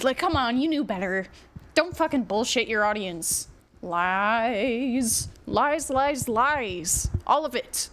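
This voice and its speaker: A woman commenting on an online apology, blunt and sarcastic, swearing freely, then calm and measured when she lays out her points. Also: fairly high pitch. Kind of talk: commentary reacting to a written apology.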